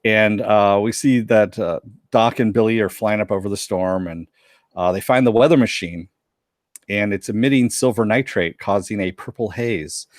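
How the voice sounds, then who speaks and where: A man casually recapping a TV episode with a co-host, animated, laughing often and acting out quotes. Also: fairly low pitch, moderate pace, no echo, clean studio sound. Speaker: podcast co-host.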